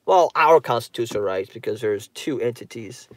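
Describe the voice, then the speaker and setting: A man's voice: medium pitch, expressive, moderate pace, dry recording. A man ranting on his own channel, profane and rambling, repeating himself. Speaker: YouTube commentator. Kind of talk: ranting commentary.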